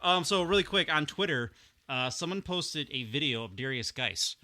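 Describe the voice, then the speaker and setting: A man co-hosting a casual podcast, animated and quick to laugh, at a desk mic in a home studio. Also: a little high. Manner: animated, laughs often, enthusiastic. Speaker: podcast co-host.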